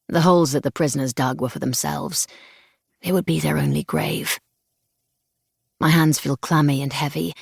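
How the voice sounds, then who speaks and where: Woman narrating an audiobook in a gravelly voice. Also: low voice, no echo, clean studio sound. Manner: measured, hushed first-person storytelling. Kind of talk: scripted narration. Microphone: close studio mic.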